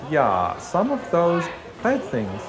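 A man's voice: a little high, huge pitch swings, takes it slowly, echoey room, crowd noise, heavily acted. An actor playing a cheerful German man shopping at a greengrocer's, with a German accent and stiff, formal English. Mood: eager.

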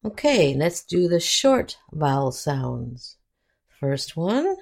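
A woman teaching an English phonics lesson, saying each example word slowly and clearly. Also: sits low, very animated, darkish tone. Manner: drawn-out, clearly enunciated example words.

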